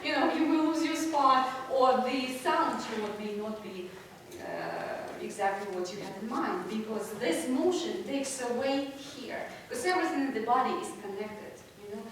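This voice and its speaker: A woman's voice: a little high, normal speed, slight background noise. A woman piano teacher coaching a student in a masterclass, encouraging and laughing often, exaggerating to make her point. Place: recital hall with piano. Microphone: distant room mic. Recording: echoey hall from far off. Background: piano playing.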